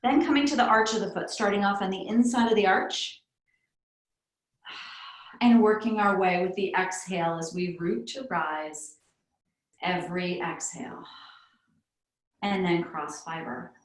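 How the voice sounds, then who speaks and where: A woman with young kids teaching a pilates class. She gives calm counted breathing cues and adds chatty asides. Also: mid-range voice, moderate pace. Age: adult with young kids. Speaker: pilates instructor. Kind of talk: guided fitness class instruction. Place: fitness studio. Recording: echoey room.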